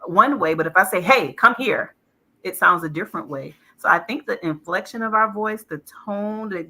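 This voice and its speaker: Woman panelist, very bright, sharp tone, thoughtful. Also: low-pitched. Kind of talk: panel discussion.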